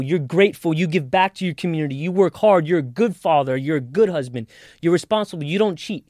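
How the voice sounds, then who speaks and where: A man on a podcast giving an animated, profane motivational talk in casual chat. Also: high-pitched, no echo, studio quality.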